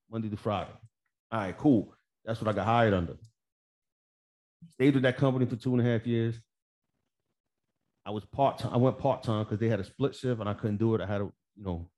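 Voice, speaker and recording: A man telling a work story on a podcast, swearing freely and acting out the dialogue. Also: fairly low pitch. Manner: profane, animated, acts out dialogue. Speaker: podcast co-host. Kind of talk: casual storytelling chat.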